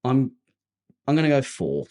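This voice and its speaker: Lively, animated man co-hosting a podcast. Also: mid-range voice, moderate pace. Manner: animated, playful, swears when frustrated. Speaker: podcast co-host. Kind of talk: casual chat.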